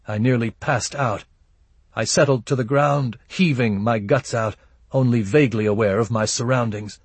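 A man reading a first-person audiobook narration in a measured, grim, low-key manner. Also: breathy edge, dry recording.

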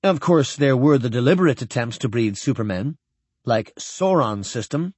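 A man's voice: medium pitch, lively intonation, moderate pace, a little mellow, no echo, natural voice. A man reading an audiobook, voicing an eager, talkative young noblewoman lecturing on science. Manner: earnest, chatty.

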